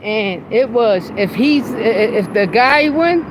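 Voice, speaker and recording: A man's voice: high voice, expressive, a little slow, noisy background. A man hosting a podcast, talking about boxing in a blunt, profane, heated way. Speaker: podcast host. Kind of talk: casual opinionated sports talk.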